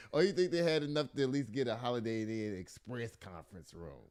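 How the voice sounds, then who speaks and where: A man's voice: medium pitch, lively intonation, moderate pace, darkish tone. A man hosting a casual news podcast, reading stories aloud and breaking off into exasperated, joking asides. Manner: laughs and jokes often. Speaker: podcast host.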